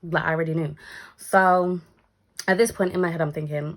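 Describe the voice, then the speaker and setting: A woman's voice: lowish voice, moderate pace. A young woman telling a casual storytime vlog, acting out the voices in her story and swearing freely. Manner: animated, acts out quoted lines, swears casually. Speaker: storytime vlogger.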